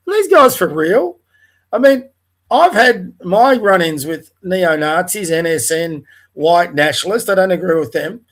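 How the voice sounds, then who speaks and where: Australian man, middle-aged, livestream host, profane scornful rant, gravelly voice. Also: high voice, lively intonation, measured pace. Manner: blunt, profane, scornful asides. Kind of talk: angry live rant reading social media posts.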